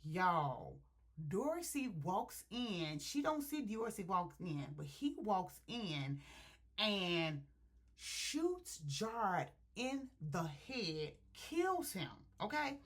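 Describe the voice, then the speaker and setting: A woman reviewing a book, retelling scenes in an animated, chatty way and talking straight to her viewers. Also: medium pitch, very slow. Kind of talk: casual story retelling.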